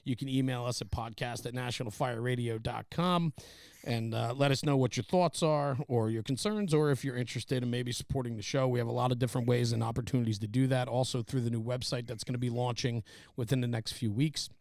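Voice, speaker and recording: Guy hosting a podcast, gravelly voice, lots of ums, dry close mic. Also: medium pitch, fairly even intonation, fairly quick, a little mellow, no room sound. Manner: rambling, many fillers. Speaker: podcast host. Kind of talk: casual podcast chat.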